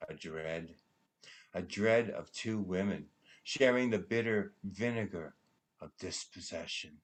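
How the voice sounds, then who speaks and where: A man reading a prose poem aloud in a slow, dramatic recitation, his voice hushed and trailing into near-whispers at the ends of lines. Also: low voice. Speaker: poetry reader at a benefit concert.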